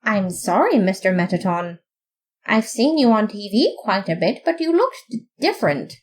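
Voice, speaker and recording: A woman voicing an excitable, self-important male skeleton detective who talks dramatically in a fan audiobook reading. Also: mid-range voice, normal speed. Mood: dramatic.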